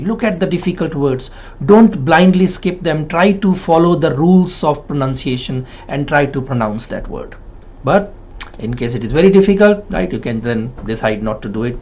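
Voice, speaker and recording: A man's fairly high, mildly mellow voice comes through on slightly dull lo-fi audio. The PTE and IELTS trainer conducts a spoken exam-coaching lesson in an emphatic Hindi-man coaching manner, driving points home repeatedly and leaning on the tag "right?"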